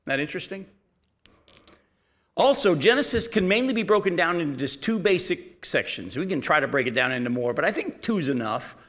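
A man preaching a verse-by-verse Bible study in a conversational way, checking in with his listeners through quick rhetorical questions and pressing hard on key points. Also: on the high side, lively intonation, a bit bright. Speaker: pastor teaching a Bible study. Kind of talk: verse-by-verse sermon.

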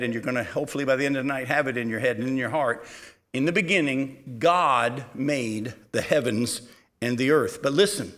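A man preaching a verse-by-verse Bible study in a conversational way, checking in with his listeners through quick rhetorical questions and pressing hard on key points. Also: a little high, a bit bright. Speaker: pastor teaching a Bible study. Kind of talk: verse-by-verse sermon.

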